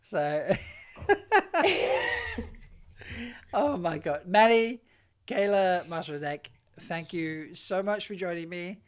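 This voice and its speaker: A woman's voice: on the low side, slow, pauses often, smooth. A woman hosting a casual fan talk show panel, laughing often and stumbling through her sentences.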